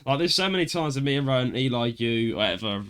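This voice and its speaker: A young man with an East London accent, hosting a relaxed podcast chat, talkative and laughing often. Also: mid-range voice, fast, smooth. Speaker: podcast host. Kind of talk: casual chat.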